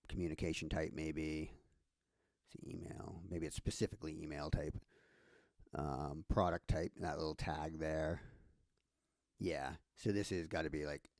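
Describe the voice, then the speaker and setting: Deep gravelly man thinking aloud. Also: fairly even intonation, a little slow, darkish tone, no room sound, clean studio sound. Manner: thinking aloud, many fillers and restarts. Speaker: instructor. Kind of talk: casual screen-share tutorial.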